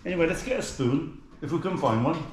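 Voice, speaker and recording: A man's voice: on the high side, lively intonation, fairly quick, a little hiss or hum. Chatty Birmingham man in an echoey kitchen. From Birmingham, England. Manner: chatty, self-mocking, talks to viewers. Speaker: home cook vlogger. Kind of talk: casual cooking vlog. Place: home kitchen. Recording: echoey kitchen with faint clatter.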